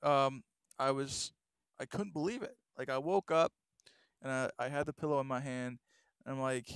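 Young guy, casual vlog storyteller, rambly with lots of fillers; clean, smooth voice, dry close sound. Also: mid-range voice, fairly even intonation, normal speed, long pauses, no echo. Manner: rambling, many fillers and restarts. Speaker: vlogger.

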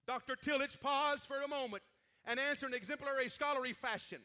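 A male preacher in full sermon, fervent and building toward shouts. His voice is very high and strikingly bright. He leans on frequent "uh" fillers between phrases. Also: brisk. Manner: fervent, many 'uh' fillers, rising to shouts.

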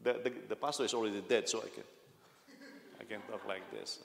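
A man's voice: on the low side, steady tone, a little fast, vocal fry. A man preaching a sermon as pastor, telling a story and laughing at it as he goes. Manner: storytelling, laughs at his own anecdotes, acts out quotes. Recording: echoey hall with long reverb.

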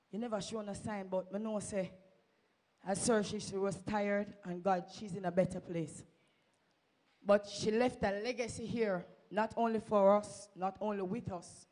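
A woman's voice: medium pitch, a little mellow. A woman with a Jamaican accent stands before a church congregation and gives her testimony. She speaks fervently and urges her listeners on, moving easily between English and Patois. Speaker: church member giving testimony. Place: church sanctuary.

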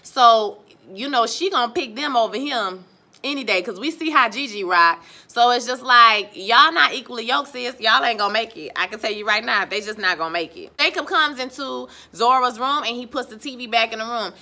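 Woman, TV recap, casual, sassy asides, slangy, bright forceful tone. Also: a little high, normal speed. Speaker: TV show recap reviewer.

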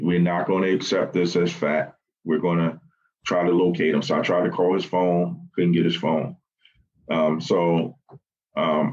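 A man recounting the morning he learned of his brother's death, speaking haltingly with many fillers and restarts as he quotes what others said. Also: low voice, lo-fi sound. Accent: Baltimore. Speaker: guest recounting family loss. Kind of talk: personal storytelling in a podcast interview.

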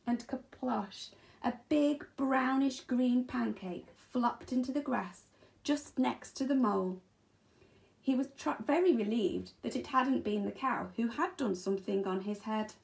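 Teacher lady reading a kids' story, slow and bouncy, a bit gravelly, voice on the high side. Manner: expressive, sing-song storytelling with sound effects. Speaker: primary school teacher reading aloud. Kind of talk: storybook read-aloud for children.

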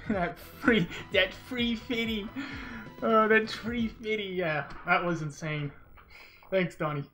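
A speedrun streamer at home, talking excitedly on a live stream, sighing often and thanking viewers one by one. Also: mid-range voice, slow pace, soft background music. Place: room at home with a window.

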